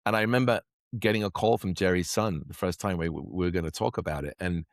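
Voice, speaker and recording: A man with an English accent, a podcast guest, chatting casually in a rambling, animated way. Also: low-pitched, fast talker, no echo, studio quality. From England. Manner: rambling, animated storyteller who acts out quotes. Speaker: podcast guest, actor and magician. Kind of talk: casual interview chat.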